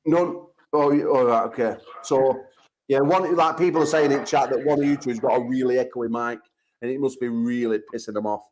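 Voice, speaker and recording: Brash, swearing English host. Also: male voice, medium pitch, a little fast, crowd noise, poor audio. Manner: profane, brash trash talk. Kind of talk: rowdy call-in chat show banter.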